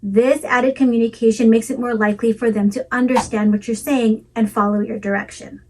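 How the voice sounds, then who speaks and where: A woman giving a calm, measured talk with practical tips for parents, in a melodic teaching delivery. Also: a little high, distant mic, rough recording. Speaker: parenting educator. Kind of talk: scripted instructional talk.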